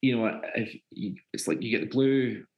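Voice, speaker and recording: A man's voice: medium pitch, moderate pace, vocal fry, muffled recording. A Scottish man, a guest actor, chatting casually in a rambling way with plenty of fillers. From Scotland. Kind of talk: casual interview chat.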